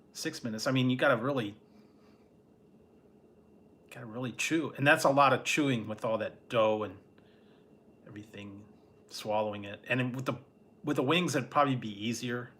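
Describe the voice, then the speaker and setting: A man's voice: mid-range voice, a bit bright. A man chatting casually on a late-night livestream, rambling in an easygoing way and chuckling often. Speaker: food vlogger.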